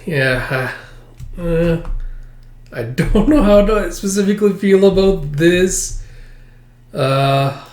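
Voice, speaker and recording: A man's voice: high-pitched, expressive, slow, long pauses, darkish tone. A man casually reading through a comic chapter, rambling and using lots of filler words. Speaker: manga chapter reviewer. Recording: echoey room.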